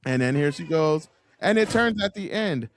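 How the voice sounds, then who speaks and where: A man's voice: fairly high pitch, expressive, moderate pace, slight background noise. Heated, profane man commentating solo. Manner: profane, agitated, rambling with restarts.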